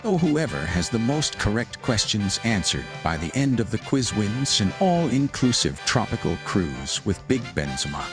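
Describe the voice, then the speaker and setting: A man's voice: lowish voice, sing-song, moderate pace, hardly any pauses. A man voicing a goofy, hyped quiz announcer who jumps between silly voices. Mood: goofy hype. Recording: music playing behind.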